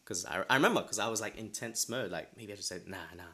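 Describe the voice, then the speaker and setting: A man's voice: on the low side, fast, sharp tone. A young man hosting a podcast, telling a personal story in a rambling way with many restarts. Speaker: podcast host. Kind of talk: casual chat.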